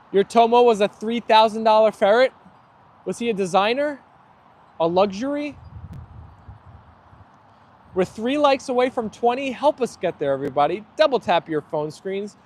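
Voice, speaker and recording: A young man hosting a live stream outdoors, chatting easily and reading viewer comments aloud while his dogs play. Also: high voice. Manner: chatty and easygoing, laughs often. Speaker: livestream host.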